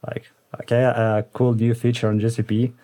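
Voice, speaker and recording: A man of middle pitch hosts a relaxed tech podcast. He leads the talk in a friendly way, laughs easily and fills his pauses with "uh". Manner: friendly, laughing, lots of "uh" fillers. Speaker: podcast host. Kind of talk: casual chat.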